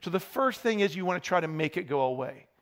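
Brief: male preacher, higher-pitched voice, candid and self-deprecating in his sermon. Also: expressive, quick pace.

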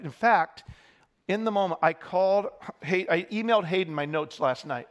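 High-voiced man preaching a sermon. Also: moderate pace. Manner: candid, self-deprecating storytelling.

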